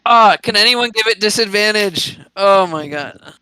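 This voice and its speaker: Male player, umming while he decides, sharp bright clean tone. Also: high-pitched, a little slow, clear, resonant tone, no echo, rough recording. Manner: hesitant, full of ums while deciding. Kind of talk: playing a tabletop game.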